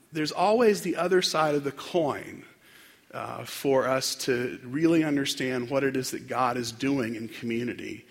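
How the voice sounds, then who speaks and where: Pastor, male, sermon in church; husky, reflective, lots of ums, long reverb. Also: medium pitch, fairly bright tone. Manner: reflective, unhurried, with frequent fillers and restarts. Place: church sanctuary.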